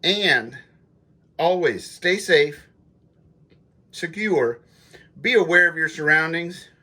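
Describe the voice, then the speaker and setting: A middle-aged man with a high-pitched voice chats folksily through a casual food review vlog, addressing his viewers directly as he tastes. His tone is bright and a little sharp. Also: expressive, slow. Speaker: prepper channel host.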